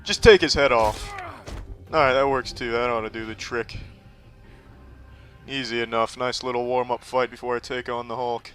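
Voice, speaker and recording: A man hosting casual gameplay commentary, sarcastic and profane with deadpan jokes. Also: mid-range voice, normal speed, faint music behind. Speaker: host reacting and playing a game.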